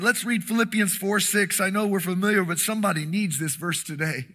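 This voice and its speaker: Man, pastor, sermon, husky voice, somewhat high-pitched, impassioned. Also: fairly quick, few pauses. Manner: impassioned, swings from shouting to hushed whispers.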